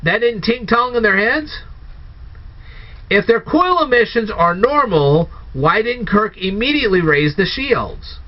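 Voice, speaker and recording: A man's voice: sits high, very animated, a little slow. A man giving a casual spoken movie review, firing off incredulous, sarcastic rhetorical questions. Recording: dull lo-fi recording.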